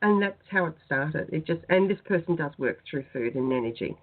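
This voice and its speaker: A woman, speaking in a soft, earnest, heartfelt way as a spiritual guest on a talk radio show. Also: low voice, lively intonation, fairly quick. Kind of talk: phoned-in radio chat, guided prayer. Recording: tinny phone-line sound.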